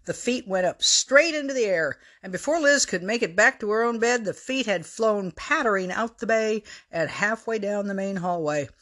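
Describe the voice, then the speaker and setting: A woman's voice: medium pitch, fairly bright tone. A woman author reading her own story aloud in a storytelling voice, wry, with dry asides. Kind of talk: storytelling narration.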